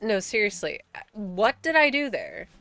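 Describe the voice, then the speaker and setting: A woman's voice: medium pitch, wildly swooping pitch, a little slow, gravelly, fairly bright tone, soft background music. A young American woman streaming a game, chatting casually with frequent swearing and laughter. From United States. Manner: chatty, swears often, laughs between remarks. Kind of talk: casual gaming commentary.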